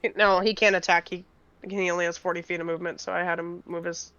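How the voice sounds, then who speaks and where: A woman playing a tabletop game, explaining her move in a quick, offhand way. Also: on the low side, flat delivery, a bit bright. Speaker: player. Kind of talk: casual game talk. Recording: dull, dry sound.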